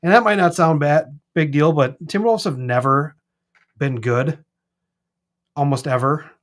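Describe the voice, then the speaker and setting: A chatty man with a Minnesota accent co-hosts a live stream, speaking unhurriedly in a voice on the high side. He's animated and rambling in casual chat, heard through a streaming mic.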